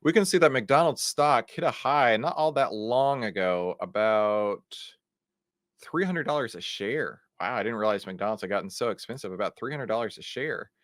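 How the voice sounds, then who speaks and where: A man, hosting an energetic news commentary show, talking in an animated, incredulous, conversational way. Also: medium pitch, moderate pace, dry recording, clean studio sound. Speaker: host.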